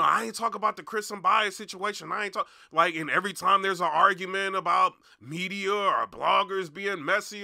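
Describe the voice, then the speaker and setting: A man, a battle rap blogger, rambling through a casual commentary rant, full of "you know what I mean" and turning loud and heated. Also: high voice, dry recording, studio quality.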